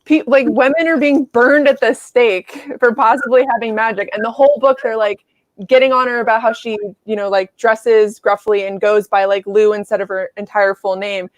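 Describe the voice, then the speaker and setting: A woman's voice: a little high, fairly even intonation, moderate pace, no echo. A woman hosting a casual livestream book club, chatting loosely, swearing now and then and acting out quotes.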